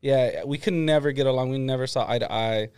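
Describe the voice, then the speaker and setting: A young man with a smooth, resonant voice chats casually on a podcast. He rambles through his school memories, packing his sentences with fillers. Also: medium pitch, fairly quick, a little mellow. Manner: rambling, heavy use of "like". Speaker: podcast co-host. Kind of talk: casual chat.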